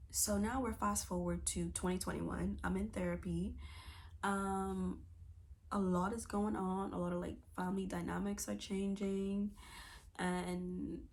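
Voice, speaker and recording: A woman's voice: fairly low pitch, gravelly, a little mellow, slight background noise. A woman in her twenties giving a candid, emotional personal testimony, searching for words with many fillers and restarts. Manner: earnest and emotional. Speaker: testimony speaker.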